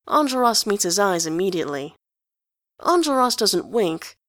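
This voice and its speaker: A woman's voice: medium pitch, dry recording. Woman reading a story aloud, dry and close. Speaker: reader.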